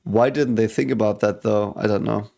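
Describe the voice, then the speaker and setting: A man hosting a reaction video, talking casually and excitedly, swearing often and thinking aloud. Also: lowish voice, moderate pace, vocal fry, background noise.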